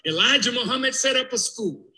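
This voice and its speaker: A man giving a fiery sermon, impassioned, swinging from shouts to hushed near-whispers. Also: very high-pitched, animated, fairly quick, rough recording. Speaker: speaker addressing a congregation.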